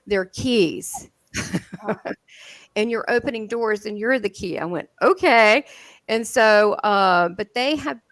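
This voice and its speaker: A woman with a Southern American accent telling stories in an interview, lively and laughing often, with many restarts. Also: mid-range voice, takes it slowly, dry recording. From southern United States. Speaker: guest medium. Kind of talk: animated storytelling in an interview.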